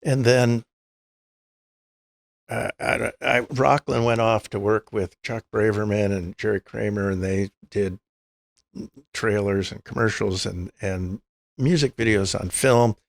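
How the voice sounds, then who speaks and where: A man's voice: fairly low pitch, steady tone, slow pace, creaky, no echo. An older man, a guest in an interview, telling long anecdotes and acting out the quoted lines of the people in them. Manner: anecdotal, acts out quoted dialogue. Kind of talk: storytelling interview.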